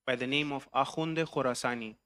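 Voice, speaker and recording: A man's voice: medium pitch, fairly even intonation, fairly quick, bright, forceful tone, clean tone. A man preacher telling a story in a sermon, mixing English narration with recited Arabic phrases. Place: mosque hall.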